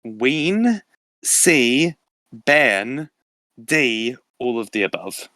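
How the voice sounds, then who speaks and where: A man's voice: medium pitch, animated, moderate pace, fairly bright tone, no room sound. Young male quiz host, casual, dry close sound, laughs between questions. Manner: reads questions and options aloud, laughs often.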